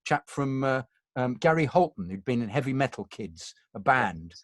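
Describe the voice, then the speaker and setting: An actor in his sixties chats as a guest and tells stories from his career. He rambles, restarts and corrects himself as he goes. His voice sits at a middling pitch in a dry setting with little room sound. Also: big pitch swings, normal speed, no echo. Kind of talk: casual anecdotal chat.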